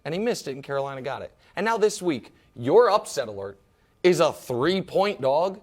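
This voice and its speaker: A man hosting a sports debate show, teasing his co-host and making picks in a dramatic, fast way. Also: on the high side, big pitch swings.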